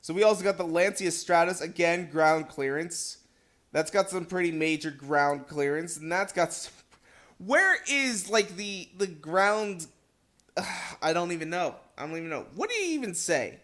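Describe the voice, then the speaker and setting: Male gaming host, young adult, high-pitched, excitable casual commentary with quick shifts in volume. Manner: excitable, chatty, jumps between loud outbursts and quiet asides. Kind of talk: casual let's play commentary.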